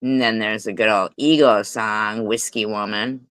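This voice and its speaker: A woman's voice: very deep voice, steady tone, unhurried, fairly bright tone, no room sound. A woman hosting a casual live stream, giggling often, swearing freely and breaking into playful bits of song. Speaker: livestream host.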